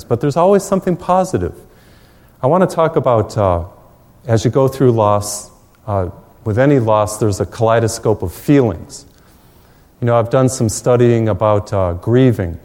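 Middle-aged male priest, warm relaxed tone, easygoing pastoral delivery, reverberant space. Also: medium pitch. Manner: gentle, conversational, with frequent fillers and light chuckles. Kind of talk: pastoral talk to viewers.

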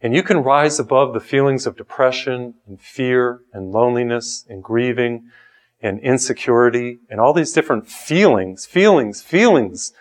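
Male preacher, mid-pitched, earnest and animated sermon delivery. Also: moderate pace. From Italian heritage. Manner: lively, earnest, lifts voice on key lines, chuckles.

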